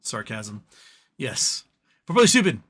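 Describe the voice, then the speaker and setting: Bright-voiced man ranting on a livestream. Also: medium pitch, big pitch swings, moderate pace. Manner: rambling, profane, opinionated. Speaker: livestream host. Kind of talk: live-stream chat reading and ranting.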